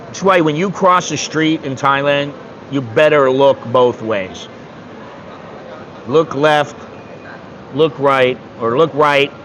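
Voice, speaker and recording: A man's voice: mid-range voice, fairly bright tone, a little hiss or hum, rough recording. A man in his sixties from the United States, rambling bluntly and with some swearing in a casual livestream chat. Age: 60s. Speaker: streamer.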